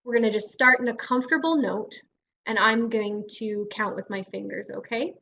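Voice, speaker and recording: Canadian woman speech therapist, slightly high voice. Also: moderate pace, pushed and bright, muffled recording, a little hiss or hum. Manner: encouraging, demonstrates vocal drills. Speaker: speech-language pathologist. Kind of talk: guided voice exercise class.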